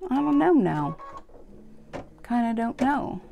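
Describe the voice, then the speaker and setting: Brief: woman, embroidery vlog host, rambling and chatty, a bit tired, slightly gravelly, faint machine hum. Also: on the high side, very animated, slow pace, dark tone. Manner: rambling, chatty, self-deprecating, lots of fillers. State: tired, yawning. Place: home sewing room, sewing machine running.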